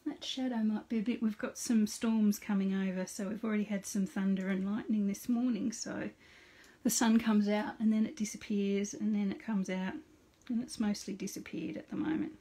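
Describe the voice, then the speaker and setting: A woman's voice: mid-range voice, steady tone, moderate pace, dark tone, breathy edge. A middle-aged woman hosting a casual live card-making demonstration. She chats with viewers by name and narrates each step aloud.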